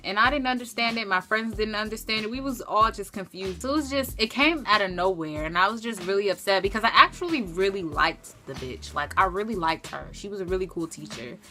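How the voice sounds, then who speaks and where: A young woman telling a storytime vlog in an animated, profane, emphatic way. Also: mid-range voice. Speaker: vlogger.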